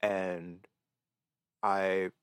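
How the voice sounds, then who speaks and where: A man in his twenties speaks very slowly in a low, flat, clean voice, recorded in a clean studio with no echo. Co-hosting a podcast, he chats earnestly and reflectively, sounding emotional, sniffly and stuffed-up as if he'd been crying.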